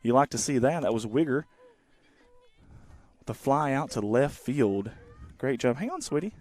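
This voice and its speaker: A man in his thirties giving casual, rambling live play-by-play of a softball game from the field outdoors. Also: mid-range voice, measured pace, no room sound. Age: 30s. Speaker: sports webcaster.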